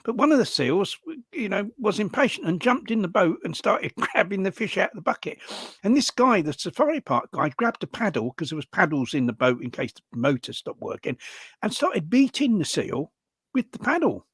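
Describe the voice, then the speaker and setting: An older man, a guest recounting personal stories in a casual conversation, lively and animated. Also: sits high, normal speed, breathy edge, no echo.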